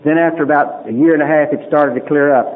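A man's voice: a little high, steady tone, fast. A man giving a personal testimony at a recovery meeting, a folksy storyteller who acts out what people said. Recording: tinny lo-fi recording with faint hiss.

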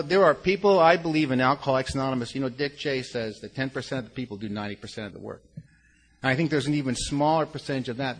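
An older man with a gravelly, mid-range voice gives a personal testimony at a recovery meeting. His story is frank, earnest and rambling, with many restarts and blunt curses, and there is a little hiss or hum in the audio.

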